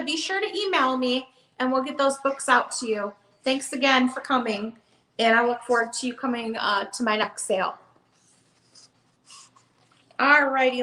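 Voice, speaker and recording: A woman's voice: high voice, a bit bright. A woman hosting a live online book sale, chatty and upbeat, calling out bids. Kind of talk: casual live auction chat. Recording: echoey room.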